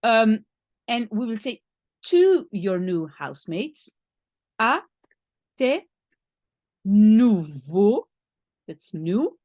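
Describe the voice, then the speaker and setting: A woman's voice: a little high, very animated, slow pace, pauses often, dry recording, clean studio sound. A woman teaching a French lesson in English, explaining patiently step by step and spelling out each French word. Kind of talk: language lesson.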